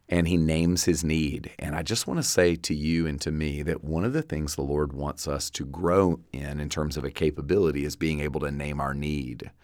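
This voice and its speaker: A man preaching a sermon in an earnest, conversational way, often pausing with "uh" and restarting his phrases. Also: a bass voice, dry recording, studio quality. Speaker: pastor.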